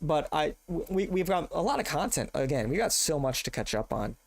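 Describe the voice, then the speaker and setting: A man's voice: on the high side, sing-song, brisk, vocal fry, few pauses. A congested man talking casually on a live stream, loose and profane, rambling and restarting his sentences. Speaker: streamer reacting to videos.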